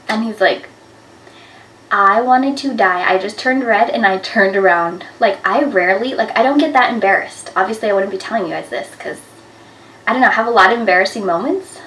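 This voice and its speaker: A woman's voice: medium pitch, normal speed, a little hiss or hum. Chatty young woman in an echoey room. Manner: chatty, animated, full of "like" fillers. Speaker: vlogger. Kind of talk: casual storytelling to camera. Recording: echoey room, a bit far from the mic.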